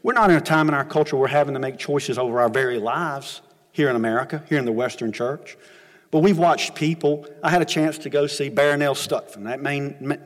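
A man preaching an earnest sermon as pastor, rising to emphatic questions and dropping low, ending with an altar call. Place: church sanctuary. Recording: long hall reverb. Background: music.

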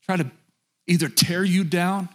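A man's voice: high voice, unhurried, a bit bright. A middle-aged man preaching a sermon as pastor, talking straight to his congregation and often asking them questions.

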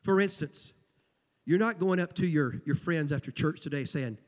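A man's voice: a little high, normal speed. A man with a Southern US accent preaching a sermon as pastor, folksy and emphatic, repeating key phrases. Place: church sanctuary. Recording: long church hall reverb.

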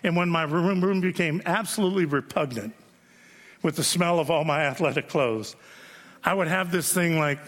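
A man's voice: sits high, normal speed, a bit bright. A man preaching a sermon as pastor, telling stories in a conversational way and checking in with the congregation with frequent asides. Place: church sanctuary. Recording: long reverb of a large hall.

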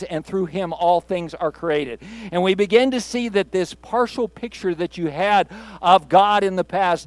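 A man's voice: sits high, no echo. A man preaching a sermon as pastor to his congregation. He talks in a conversational way, repeats phrases for emphasis and asks the room questions. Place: church sanctuary with congregation.

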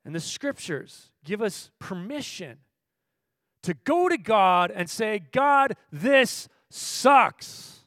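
A male pastor preaching a sermon, moving between quiet teaching and loud, impassioned passages, and asking the audience questions. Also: high voice, very animated, slow, no room sound.

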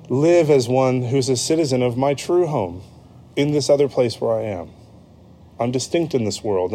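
A pastor with an American accent delivers a sermon in a relaxed, conversational way. His mid-pitched voice is warm and mellow rather than bright. He pauses on ums and corrects himself mid-sentence as he explains. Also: slight background noise. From United States.

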